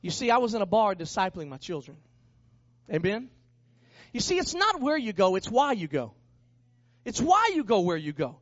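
High-voiced animated preacher man. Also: moderate pace, pauses often, no room sound, highs cut off. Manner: animated, acts out the people in his story. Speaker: pastor. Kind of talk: storytelling sermon.

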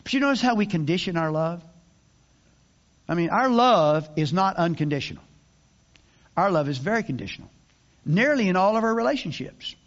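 Older preacher guy, high voice that jumps around a lot, folksy sermon, kinda muffled recording. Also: animated, moderate pace, long pauses. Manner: folksy, conversational preaching with frequent restarts. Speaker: pastor.

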